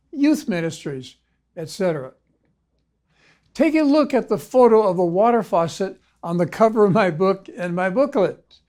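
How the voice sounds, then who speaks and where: A man, a ministry consultant, reading a scripted video lecture in a measured, formal way. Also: sits high, darkish tone. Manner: measured, formal read-aloud delivery. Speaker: ministry consultant and course instructor.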